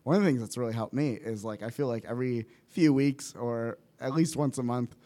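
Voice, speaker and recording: A man hosting a relaxed talk between comedians, his voice at an ordinary middle pitch. He laughs a lot and tells stories by quoting people in playful voices. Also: brisk. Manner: laughs often, quotes others in playful voices. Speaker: comedian, podcast host. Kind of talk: casual chat.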